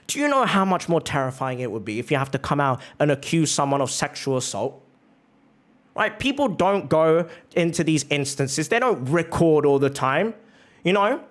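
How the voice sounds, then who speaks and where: A man's voice: a little high, very animated, moderate pace. A male streamer giving a heated, profane reaction rant on stream, repeating phrases for emphasis.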